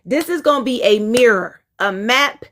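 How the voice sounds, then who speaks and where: A woman's voice: fairly high pitch, animated, normal speed, a bit bright. A woman relationship coach chatting frankly on her live stream, laughing easily between exasperated asides. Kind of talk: casual live-stream talk.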